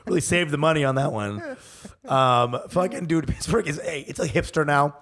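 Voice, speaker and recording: A man's voice: on the high side, moderate pace, a bit bright. A man co-hosting a comedy podcast, telling rambling, profane stories and laughing often. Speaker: podcast co-host. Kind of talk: casual comedic chat.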